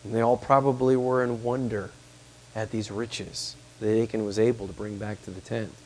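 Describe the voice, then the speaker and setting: A man's voice: lowish voice, little pitch movement, moderate pace, a little mellow. A man preaching a sermon, reading scripture aloud and pressing his points with emphasis. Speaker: pastor.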